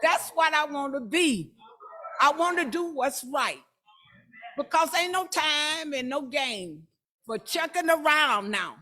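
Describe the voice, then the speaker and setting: An older woman from Michigan giving an excited, emotional church testimony. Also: high-pitched, slow pace. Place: church assembly hall.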